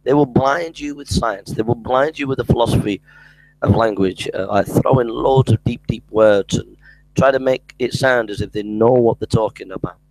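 A man's voice: medium pitch, moderate pace, darkish tone, no echo, poor audio. Emphatic man in a dry, close recording. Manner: emphatic, repeats phrases, mimics opponents. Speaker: Christian apologetics speaker. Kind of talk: casual monologue.

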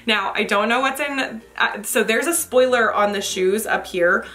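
Gushing, excitable woman vlogger. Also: fairly high pitch, moderate pace. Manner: gushing, excitable, lots of gasps and exclamations. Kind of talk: unboxing haul video.

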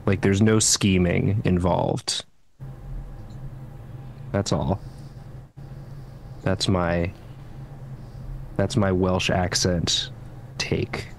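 Male regular on a drawing stream, slow delivery, rambling playful banter, faint room tone. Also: deep voice, level tone, creaky, a little hiss or hum. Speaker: show regular. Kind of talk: casual chat while drawing.

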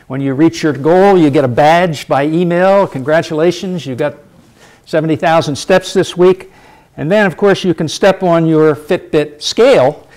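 A middle-aged man giving a public lecture, lively and emphatic, repeating his key points for effect. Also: fairly high pitch.

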